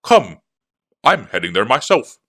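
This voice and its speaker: A man voicing a gruff, bearded, limping scholar who speaks in a blunt, clipped, hearty way. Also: mid-range voice, very animated, measured pace, a bit bright, exaggerated voice. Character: gruff, bearded, lame older male scholar.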